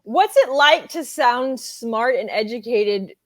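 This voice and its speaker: A woman's voice: on the high side, expressive, takes it slowly. An American woman, a guest author, chatting casually and laughing easily. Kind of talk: casual chat.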